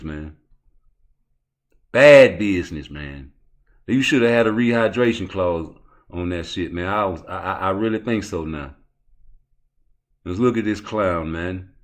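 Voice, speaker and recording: Profane animated man ranting about boxing. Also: deep voice. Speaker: boxing commentary vlogger. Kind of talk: casual ranting commentary.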